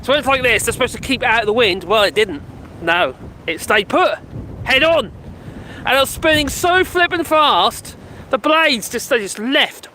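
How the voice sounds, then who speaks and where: A man with a strikingly high, bright voice rambles cheerfully through a casual outdoor live stream. He chats loosely, reacts to comments and laughs often, speaking into a mic with a furry windshield while faint wind hisses behind him. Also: expressive, normal speed, low-quality recording. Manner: chatty and rambling, with frequent laughs and exclamations. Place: outdoors on a windy hillside near buildings. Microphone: handheld mic with furry windshield.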